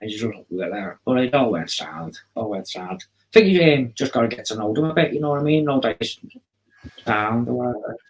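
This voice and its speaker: A man's voice: medium pitch, lively intonation, brisk, rough recording. A man hosting a live stream, telling rambling stories in a casual chat. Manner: rambling, chatty storyteller with fillers. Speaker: livestream host.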